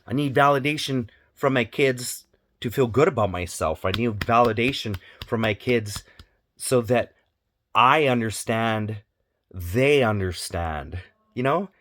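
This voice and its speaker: A man's voice: medium pitch, measured pace, a bit bright. A man talking candidly as a parenting vlogger, earnest, repeating phrases for emphasis. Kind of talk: candid personal monologue.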